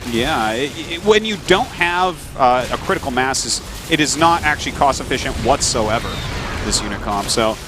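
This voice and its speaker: A man casting a strategy game match live, calling the action in an upbeat, animated play-by-play. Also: medium pitch, normal speed, noisy background. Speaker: esports caster.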